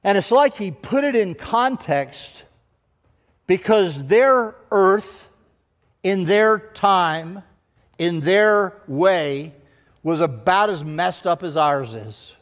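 A male pastor delivering a sermon in a fairly high voice, pressing each point with emphatic, rhythmic repetition. His words ring out with a long reverb trailing through a large church sanctuary. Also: animated, takes it slowly.

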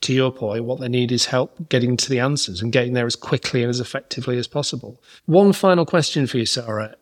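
A man's voice: medium pitch, quick pace. A man hosting a business podcast, talking in a thoughtful, rambling way with fillers and restarts. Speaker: podcast host. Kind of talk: conversational interview and wrap-up.

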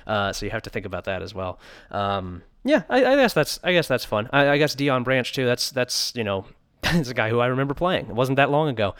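A man's voice: medium pitch, sing-song, a little fast, a bit bright, clear, resonant tone, no room sound, studio quality. A man co-hosting a sports podcast, chatting casually and joking, with many restarts. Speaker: podcast co-host.

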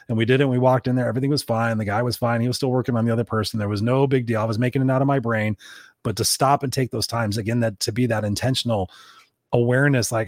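A man's voice: medium pitch, steady tone, fast, no room sound, studio quality. A man co-hosting a podcast, chatting casually, telling rambling personal stories with a bit of swearing. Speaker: podcast co-host and coach.

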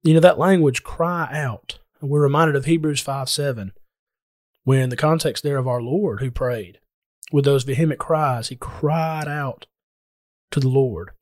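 A man's voice: medium pitch, unhurried, no room sound, clean studio sound. A man preaching a sermon in an earnest, explanatory way, speaking directly to his listeners.

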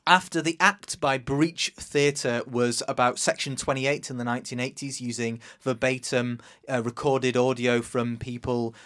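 Male podcast co-host, eager, informal, mid pitch. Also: fairly even intonation, a little slow, hardly any pauses, a bit bright. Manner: enthusiastic, informal, many fillers. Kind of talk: casual podcast chat and review.

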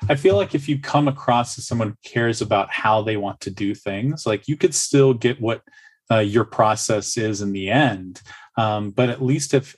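Man, podcast host, casual chat, fairly low voice, rambling and halting. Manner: halting, rambling, many restarts and fillers. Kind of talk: casual conversation.

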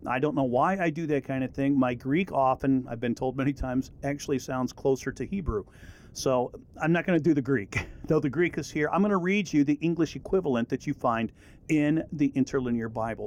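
A middle-aged man giving a relaxed, rambling Bible lesson with many fillers and restarts. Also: mid-range voice, normal speed. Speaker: Bible teacher. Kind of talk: casual recorded lesson.

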